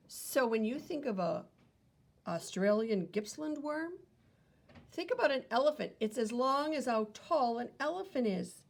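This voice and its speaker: Gravelly-voiced teacher reading to kids. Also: female voice, fairly high pitch. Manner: animated, wondering aloud, explains to children. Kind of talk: reading a picture book aloud to children.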